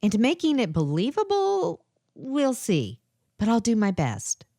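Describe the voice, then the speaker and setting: A woman's voice: on the high side, wildly swooping pitch, a little slow, dark tone, no echo, clean studio sound, voice pushed up, heavily acted. A woman voicing a young woman heading into her first undercover job, nervous and full of self-doubt.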